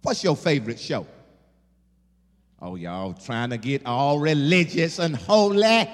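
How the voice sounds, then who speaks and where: Preacher, male, lively call-and-response sermon, echoing sanctuary. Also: on the high side, a little slow. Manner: animated, call-and-response, laughing asides. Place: church sanctuary. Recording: long hall reverb.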